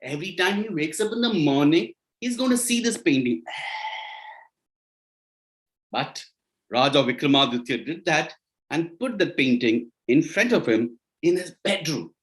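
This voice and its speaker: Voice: medium pitch, sing-song, measured pace, long pauses. Casting: storyteller on a video call, playful, lots of repetition, speaks to the audience.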